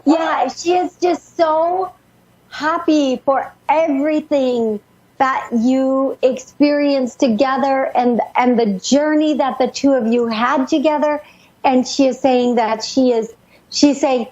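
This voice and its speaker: A woman psychic medium hosting a call-in radio show, relaying messages in a rushed, breathless way full of restarts. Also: sits high, a little mellow, muffled recording.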